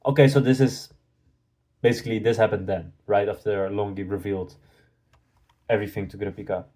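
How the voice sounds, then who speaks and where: A man hosting a live manga reaction, excitable and slangy as he reads and comments. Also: fairly low pitch, a little fast.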